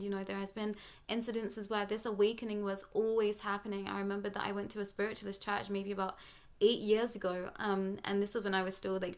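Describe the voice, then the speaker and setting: A young British woman giving a rambling, earnest spiritual monologue on her channel, full of fillers and restarts. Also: mid-range voice.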